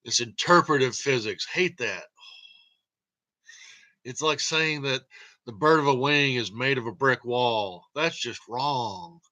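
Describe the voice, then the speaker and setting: A man's voice: medium pitch, slow, sharp tone, no room sound. A man telling a rambling, jokey monologue to camera and laughing often. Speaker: vlogger.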